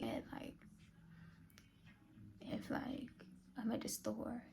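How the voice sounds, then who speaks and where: A woman's voice: a little high, gravelly, dark tone. A young woman vlogger telling a personal story in a chatty way, full of fillers and often dropping to a half-whisper. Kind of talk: casual storytime vlog.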